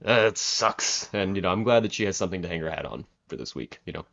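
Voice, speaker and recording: A man's voice: deep voice, expressive, fast, gravelly, fairly bright tone, lo-fi sound. A young man giving a casual spoken review, rambling with many fillers and restarts. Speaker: wrestling reviewer.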